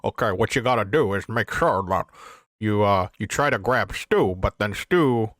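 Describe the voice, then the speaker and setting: A man doing a gruff old wrestling booker. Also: lowish voice, lively intonation, normal speed, a bit bright, no echo, clean studio sound. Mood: bossy. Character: gruff older male wrestling booker giving orders.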